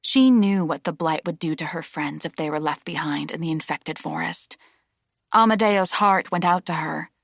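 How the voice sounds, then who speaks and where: A woman reading a novel aloud as an audiobook narrator, steady and measured. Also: low-pitched, creaky, no echo, clean studio sound. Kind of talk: scripted narration.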